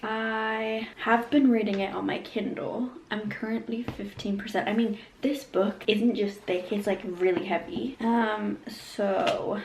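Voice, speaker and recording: A woman's voice: medium pitch, steady tone, unhurried, hardly any pauses, darkish tone, slight background noise. A young woman in her twenties chatting casually to camera about books in a reading vlog, full of fillers and self-deprecating asides, filmed at home. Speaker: book vlogger. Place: bedroom at home. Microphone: phone camera.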